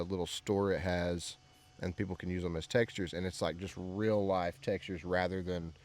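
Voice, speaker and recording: A man's voice: low voice, darkish tone. A young man co-hosting a podcast in casual chat, rambling with many fillers and frequent laughs. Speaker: podcast co-host.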